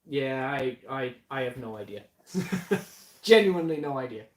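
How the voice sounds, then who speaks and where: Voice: mid-range voice, expressive, measured pace. A livestream co-host chatting casually during an unboxing, joking and laughing often in a rambling way. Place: home basement. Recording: echoey room, distant mic, faint noise.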